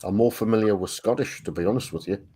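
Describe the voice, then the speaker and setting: A man's voice: on the low side, fast talker, mellow, slightly rough. A man from Northern England with a Tyne and Wear accent, chatting on a group livestream and often repeating words as he searches for them. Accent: Northern English, Tyne and Wear. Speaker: art stream co-host. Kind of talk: casual group chat on a livestream.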